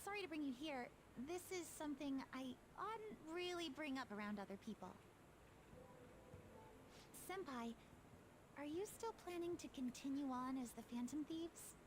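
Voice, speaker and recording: A woman's voice: sits high, expressive, normal speed. An actress playing a polite, earnest young schoolgirl in a video game, with formal phrasing. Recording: game audio with background noise.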